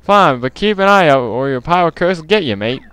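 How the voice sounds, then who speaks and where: A brash dockside sailor , as a man puts him on, with a mock British accent that slides toward Australian and a "mate" tacked onto his lines. The voice sits raised and loud, and the tone stays smooth and clear. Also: on the high side, expressive, fairly quick, no echo, voice pushed up. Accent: mock British, drifting toward Australian. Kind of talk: let's play voice reading.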